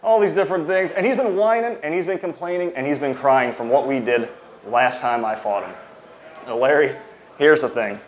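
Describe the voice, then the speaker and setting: A man's voice: on the high side, moderate pace. A man speaking as a wrestling champion, mocking his opponent and telling a taunting story. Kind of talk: trash-talking wrestling promo.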